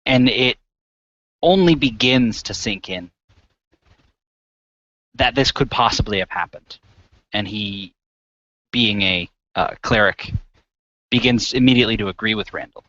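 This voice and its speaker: A man narrating his character in a tabletop game, hesitant and full of pauses, on a lo-fi recording. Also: on the low side, bright, forceful tone. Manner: hesitant, filler-heavy. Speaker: player.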